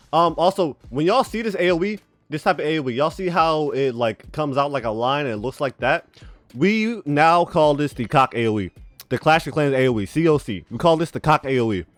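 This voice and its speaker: A man's voice: a little high, animated, brisk, no room sound, soft background music. Rambling man with spitty retainer speech. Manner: rambling, profane, says bro a lot. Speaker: gaming YouTuber. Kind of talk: casual gameplay commentary.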